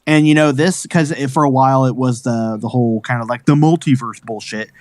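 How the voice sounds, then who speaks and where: An excitable man chatting on a podcast, rambling eagerly through a film recap with plenty of restarts. His voice sits in the middle of the male range. The recording is dry and close. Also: mid-range voice, brisk, no echo. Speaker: podcast co-host. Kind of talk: casual chat.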